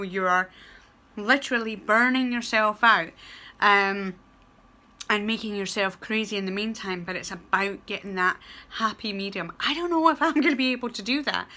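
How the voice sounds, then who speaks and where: Bright chatty Scottish woman vlogging. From Scotland. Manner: chatty and emotional, acts out little exchanges in a high voice. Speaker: vlogger and student teacher. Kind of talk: casual vlog chat.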